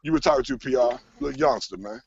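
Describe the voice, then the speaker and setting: A gravelly man hosts a loose sports talk show, heated and rambling, swearing all the time. His pitch swings up and down a lot as he rants. The sound is dull and lo-fi, like call-in audio. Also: wildly swooping pitch, fast talker. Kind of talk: casual profane sports chat.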